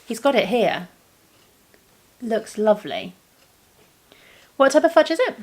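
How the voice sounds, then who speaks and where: A woman's voice: fairly high pitch, sing-song, measured pace. A woman vlogger chatting casually to camera in the evening, with lots of ums. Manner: chatty, many ums, laughs often.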